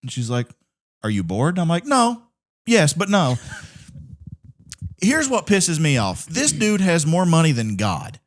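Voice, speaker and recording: A podcast co-host with a drawl, his somewhat high voice swinging widely in pitch as he rants. He talks in loose, profane casual chat and laughs often. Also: unhurried, pauses often. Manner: animated storytelling, swearing, laughing often.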